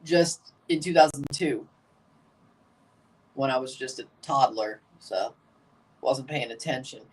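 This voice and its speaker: A slightly hoarse man in his twenties, chatting through a livestream watchalong with running play-by-play asides. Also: mid-range voice, takes it slowly. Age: 20s. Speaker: streamer reacting to a match.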